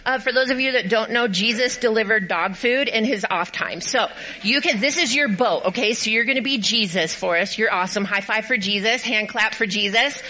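Upbeat bright-voiced woman pastor. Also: on the high side, a little fast, poor audio. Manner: directing volunteers, reading scripture aloud; upbeat and encouraging. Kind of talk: sermon with live skit.

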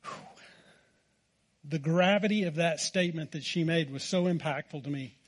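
High-voiced folksy American pastor. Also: male voice, moderate pace, husky. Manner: folksy storytelling, self-deprecating humor. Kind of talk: sermon.

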